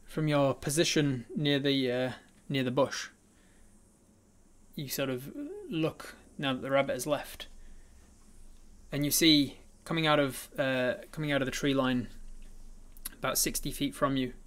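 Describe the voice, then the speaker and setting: A man's voice: mid-range voice, fairly even intonation, unhurried, a bit bright. Man narrating as game master. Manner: descriptive narration with frequent ums and uhs. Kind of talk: narrating a tabletop game livestream.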